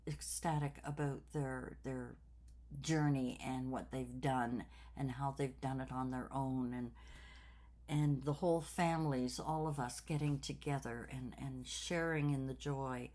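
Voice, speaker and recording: A woman in her sixties talking slowly and reflectively in a personal vlog, with many fillers and repeated words. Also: low-pitched, a little mellow. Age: 60s. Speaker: craft channel host.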